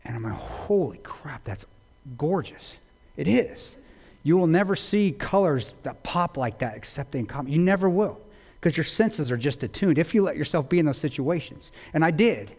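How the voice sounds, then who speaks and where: A man giving a talk to an audience, telling a war story with intensity, swinging between loud bursts and hushed low lines. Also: animated, moderate pace. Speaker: guest speaker. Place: large auditorium. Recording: long hall reverb.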